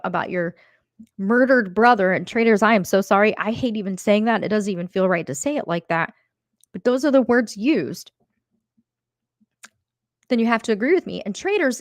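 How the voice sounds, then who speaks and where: A woman talks in a heated, emphatic stream, often doubling words as she builds her case. Her voice sits at an ordinary pitch for a woman. The sound is dry and close, with no room echo. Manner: heated, emphatic, repeats words when worked up. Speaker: online commentator. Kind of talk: casual commentary.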